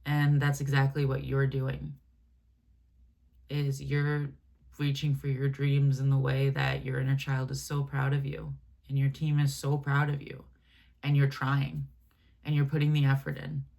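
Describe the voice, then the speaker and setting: Woman doing a channeled reading, gravelly low-key voice, rambling and sweet. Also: monotone, measured pace. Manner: gentle, affectionate, addresses listener as my love and baby; meandering, filler-heavy, self-correcting. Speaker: channeled message reader.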